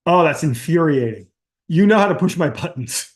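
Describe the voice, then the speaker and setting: Exasperated ranting man, higher voice. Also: normal speed. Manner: animated, exasperated ranting with mocking put-on quotes; calmer screen-share tutorial delivery. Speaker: business coach hosting a live Q&A. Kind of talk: ranting livestream talk to an online class.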